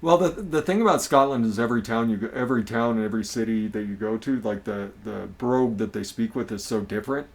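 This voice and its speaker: A man hosting a casual livestream, with a voice that sits on the low side. He chats loosely and rambles, restarting phrases and repeating himself. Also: fast, hardly any pauses. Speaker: livestream host. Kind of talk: casual chat.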